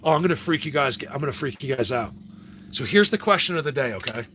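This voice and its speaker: A man's voice: medium pitch, animated, fast talker, pushed and bright, a little hiss or hum. A man hosting a casual livestream, rambling and ranting to his viewers with frequent restarts. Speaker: livestream host.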